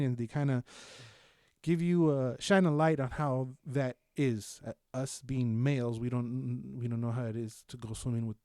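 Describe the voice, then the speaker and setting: A young man co-hosting a podcast, chatting casually about shows with lots of swearing and animated storytelling. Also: mid-range voice, no echo, studio quality. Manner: animated, profane, loud bursts of laughter-filled storytelling. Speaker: podcast co-host. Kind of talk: casual chat, reviewing shows.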